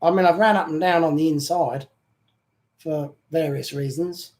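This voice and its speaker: A man's voice: on the high side, steady tone, moderate pace, a little mellow, rough recording. A man from the UK with a British accent that has picked up some Australian, joking and reading viewer comments as co-host of a live chat. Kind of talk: casual live-stream chat.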